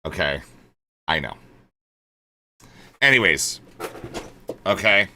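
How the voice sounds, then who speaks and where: A man streaming live and chatting casually, swearing a lot and swinging from low mumbles to exasperated shouting. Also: big pitch swings, takes it slowly, a little hiss or hum. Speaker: livestreamer.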